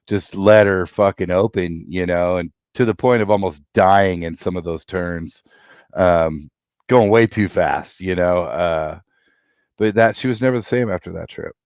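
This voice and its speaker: A middle-aged man with a fairly low voice spins a loose, profane story in a relaxed chat. His talk wanders and runs on, and the audio is dry and a little muffled. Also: unhurried, no room sound. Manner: rambling, profane, animated storyteller. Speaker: podcast host.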